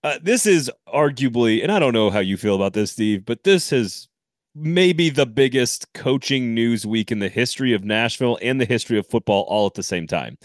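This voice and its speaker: A man co-hosting a casual sports podcast, animated and rambling, often laughing and restarting. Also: mid-range voice, moderate pace, no echo, studio quality. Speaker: podcast co-host.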